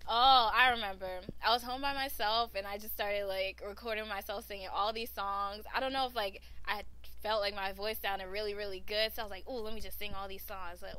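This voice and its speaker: A woman's voice: mid-range voice, bright, forceful tone. A young woman chatting casually as she reacts to her old videos, filling her talk with "like" and cheering herself on. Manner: chatty, fills every sentence with "like", cheers herself on.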